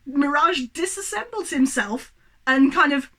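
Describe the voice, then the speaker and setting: A woman's voice: high-pitched, expressive, unhurried, fairly bright tone. A young woman reviewing a movie at home in front of a tripod camera, ranting in an exasperated, worked-up way and swearing freely.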